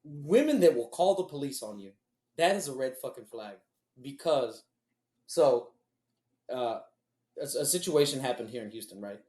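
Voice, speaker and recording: A man co-hosting a podcast, telling a personal story in casual, profane, animated chat. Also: medium pitch, moderate pace, pauses often, roomy sound. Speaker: podcast co-host.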